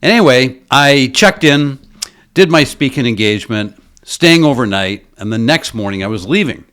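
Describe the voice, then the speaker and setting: A male business coach tells a story in a motivational talk. His voice sits at an ordinary middle pitch but swings up and down with a lot of life. He keeps asking his listeners rhetorical questions. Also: expressive, normal speed, fairly bright tone.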